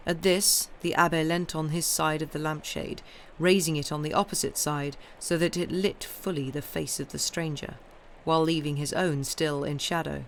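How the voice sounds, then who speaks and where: A woman reading a classic novel aloud on a live stream, with steady storytelling. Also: low voice, moderate pace, few pauses, a little hiss or hum. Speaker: audiobook reader.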